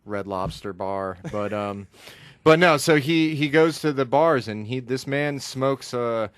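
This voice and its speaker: A man tells rambling, hesitant stories in casual podcast chat. His voice sits at a middle pitch and is recorded dry and close. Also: measured pace, clean tone, no echo. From Southern US. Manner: rambling, hesitant storytelling with fillers. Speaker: co-host.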